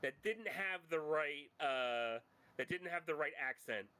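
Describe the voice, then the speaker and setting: A man's voice: on the high side, lively intonation, a crowd in the background, poor audio. A man who writes fan fiction, chatting casually and rambling with many restarts and laughs. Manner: rambling, halting, laughs often. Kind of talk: casual chat.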